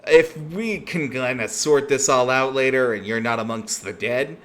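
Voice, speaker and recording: A man plays a cocky, menacing crime boss in a tabletop game, mocking and swearing freely. The voice sits at an ordinary middle pitch with a bright, forceful edge that leans into the sneer. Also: normal speed, natural voice. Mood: smug.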